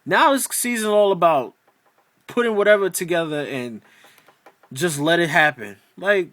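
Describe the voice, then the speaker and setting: A man reviews a TV episode in an exasperated, profane ramble full of restarts. His voice sits high and leaps around with animated swings. The sound is dry and close. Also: moderate pace, no echo. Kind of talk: casual video review rant.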